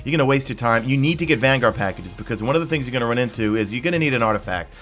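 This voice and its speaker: A male gaming YouTuber talks viewers through a game in a casual, rambling way, excited and full of quick asides. His voice sits at an ordinary mid pitch. Faint music plays underneath. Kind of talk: casual gameplay guide commentary.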